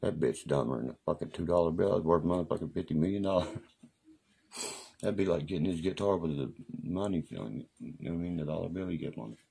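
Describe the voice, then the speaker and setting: A man's voice: sits low, expressive, a little fast, vocal fry, dark tone, breathy edge. A man rambling profanely and boastfully through stories on a live stream. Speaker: livestreamer.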